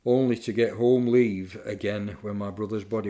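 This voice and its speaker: Older veteran, low voice, plain-spoken and reflective memoir teller. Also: male voice, steady tone, normal speed, hardly any pauses, warm tone. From England, Sheffield. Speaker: war veteran recounting memories. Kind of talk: personal memoir recollection.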